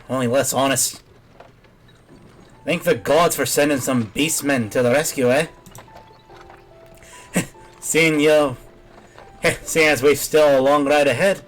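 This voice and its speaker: A man voicing a chatty old male traveling peddler with a put-on Irish accent and folksy, rough country grammar. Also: on the high side, a little slow, pauses often, fairly bright tone, soft background music.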